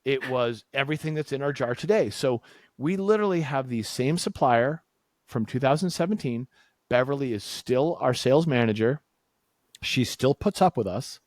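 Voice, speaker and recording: A man from Massachusetts, USA, a co-founder, casually narrates how his company came to be on a podcast, performing the dialogue with big vocal jumps. He has a mid-range, slightly mellow voice, recorded with no echo.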